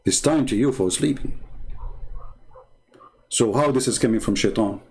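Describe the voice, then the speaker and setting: Man, live-stream debater, medium pitch, sarcastic, scolding, emphatic. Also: darkish tone. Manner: sarcastic, scolding and emphatic, often pausing to read comments. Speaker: online religious debater.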